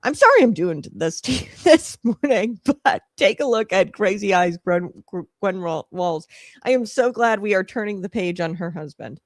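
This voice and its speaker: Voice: mid-range voice, lively intonation, normal speed, no echo, studio quality. A host of a political commentary show, talking casually in a rambling, scornful way full of fillers and asides.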